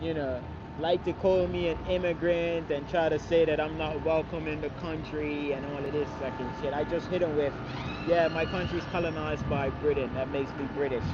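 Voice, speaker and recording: A man's voice: fairly high pitch, steady tone, moderate pace, highs cut off, very noisy. A man speaking in an outdoor park debate, emphatic and casually profane, who keeps pressing listeners with "you understand, man?". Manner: swears casually. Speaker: street speaker at a public speaking corner.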